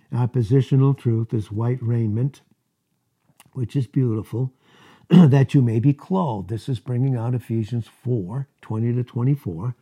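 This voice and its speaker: Male preacher with a husky voice, delivering an emphatic sermon. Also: lo-fi sound. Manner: emphatic, rising to high animated bursts.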